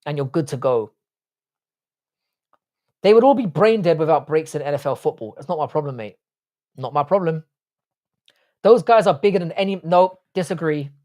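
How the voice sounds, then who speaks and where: A man's voice: on the high side, lively intonation, normal speed, long pauses, a little mellow. A young English man with an English accent, hosting a livestream and chatting bluntly with swearing while reading viewer comments. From England. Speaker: livestream host.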